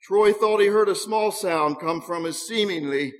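A man's voice: sits high, normal speed. A man reading a story aloud, earnest, with occasional small stumbles over words. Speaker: narrator. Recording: long hall reverb.

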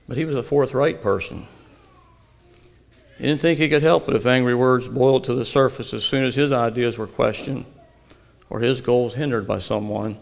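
A man reading a devotional story aloud in a slow, earnest storytelling manner. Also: medium pitch, gravelly. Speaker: narrator. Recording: long hall reverb.

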